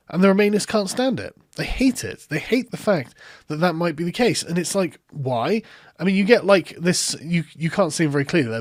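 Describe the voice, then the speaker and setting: A man's voice: a little high, no echo, studio quality. A man, ranting sarcastically in political commentary, swearing and mocking his opponents.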